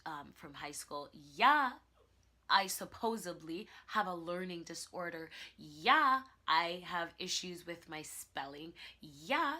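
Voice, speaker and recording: Young woman vlogging, bright voice, chatty and laughing a lot. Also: mid-range voice. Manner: animated, laughing, emphatic storytelling. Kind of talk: casual vlog monologue.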